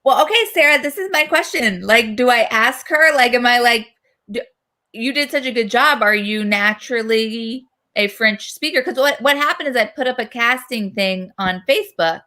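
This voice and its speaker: A woman's voice: on the high side, moderate pace, sharp tone. A woman co-hosting a film festival, chatty and rambling with enthusiasm. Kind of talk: casual chat.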